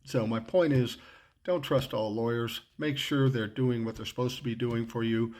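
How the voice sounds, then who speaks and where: A man's voice: mid-range voice, steady tone, moderate pace, darkish tone. An older man telling a casual anecdote in a blunt, profane way, acting out both sides of the quoted dialogue. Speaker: storyteller.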